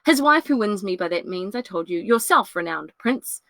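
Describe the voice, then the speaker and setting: A woman reading the part of a courteous young noble heiress in a solo reading of a classic play, speaking measured verse. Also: mid-range voice, animated, a bit bright, no echo, pitched below the performer's own voice.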